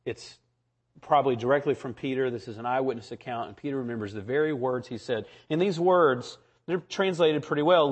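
A man's voice: a little high, brisk, slightly rough. A man preaching a sermon, building to emphatic rhetorical questions. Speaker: pastor.

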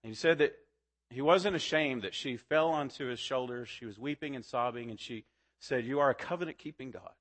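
A man's voice: medium pitch, moderate pace, a bit bright. A man preaching a sermon as pastor, earnest and building to fervent emphasis.

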